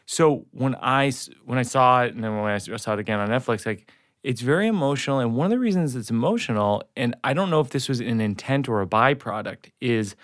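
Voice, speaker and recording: A man from suburban Massachusetts who hosts a podcast, talking casually in a halting way with many restarts. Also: mid-range voice, lively intonation, a bit bright, dry recording, studio quality. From Massachusetts suburbs, USA. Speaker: podcast host. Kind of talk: casual interview talk.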